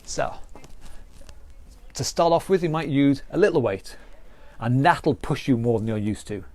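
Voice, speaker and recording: A man's voice: medium pitch, lively intonation, a little slow, darkish tone. A man with a British accent, a fitness instructor explaining training principles in a live online class, earnest and repetitive, with restarts. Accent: British English.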